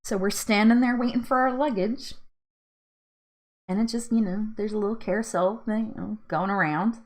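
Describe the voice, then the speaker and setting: A woman's voice: mid-range voice, normal speed. A woman hosting a live weight loss chat, telling a story casually, laughing often and acting out her own pleas.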